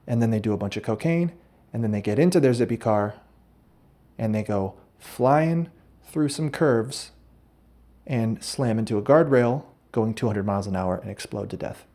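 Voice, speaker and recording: A man's voice: on the low side, normal speed, dark tone. A man hosting a podcast, telling a rambling, absurd comic story and often breaking off to correct himself. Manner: rambling, absurd, self-interrupting. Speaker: podcast host. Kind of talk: comedic storytelling monologue.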